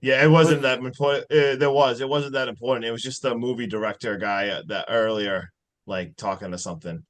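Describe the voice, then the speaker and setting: A man's voice: mid-range voice, steady tone, a little fast. A man co-hosting a horror podcast, chatting loosely and rambling, saying dude and friggin'. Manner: loose, rambling, uses 'dude' and 'friggin''. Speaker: podcast co-host. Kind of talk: casual banter.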